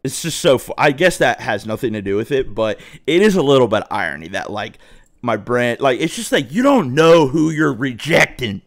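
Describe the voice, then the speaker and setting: A young man spins a profane, swaggering story in casual chat. His voice sits at an ordinary middle pitch and sounds dry and close, with no room around it. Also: very animated, normal speed, no room sound. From Southwest Ohio.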